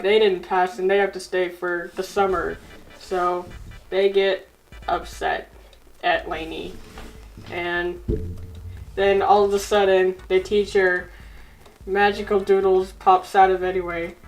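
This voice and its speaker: A woman's voice: fairly low pitch, rough recording. A young woman casually telling an improvised silly story, giggling and using lots of fillers. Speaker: co-host storyteller.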